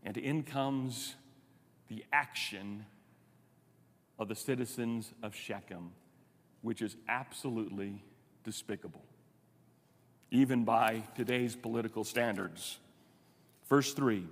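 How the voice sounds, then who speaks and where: A man preaching a sermon in a conversational, animated way, asking rhetorical questions. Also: fairly low pitch, slow pace, long pauses. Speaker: pastor. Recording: long hall reverb.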